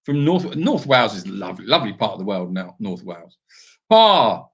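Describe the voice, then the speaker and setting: A man's voice: fairly low pitch, big pitch swings, fairly quick, husky, highs cut off. A man co-hosting a live stream from an animal sanctuary, telling rambling stories in a casual chat. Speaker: sanctuary co-host.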